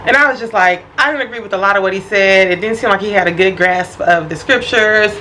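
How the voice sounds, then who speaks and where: A young woman vlogger telling a personal story in an animated, expressive, casual way. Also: medium pitch, a little fast, a little hiss or hum, poor audio. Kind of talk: storytime vlog.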